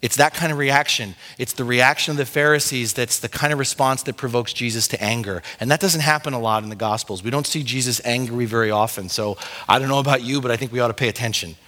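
A male pastor delivering an impassioned sermon, speaking straight to his congregation and swinging between quiet gravity and rising urgency. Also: mid-range voice, fast, hardly any pauses. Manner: impassioned preaching, rising and falling intensity; direct address to congregation as "beloved".

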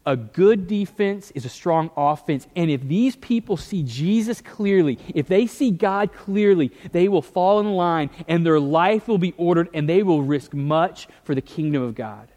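Man, preacher, high voice, earnest sermon, hushed storytelling, long hall reverb. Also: expressive, unhurried, hardly any pauses. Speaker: pastor.

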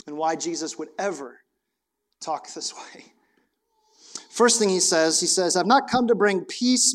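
A middle-aged male pastor preaching a sermon, reading scripture aloud and asking rhetorical questions. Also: a little high.

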